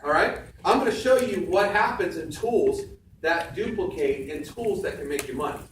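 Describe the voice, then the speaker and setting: A man's voice: sits high, animated, normal speed. A man giving a punchy, emphatic motivational sales talk on stage to an audience, repeating key phrases. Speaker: seminar speaker. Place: large room with audience. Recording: echoey room, far from mic, faint background noise.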